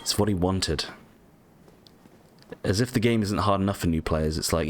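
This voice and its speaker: A man's voice: sits low, normal speed, long pauses, slight background noise. A man giving casual, rambling let's-play commentary, with lots of ums, casual swearing and self-mockery. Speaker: gaming channel host.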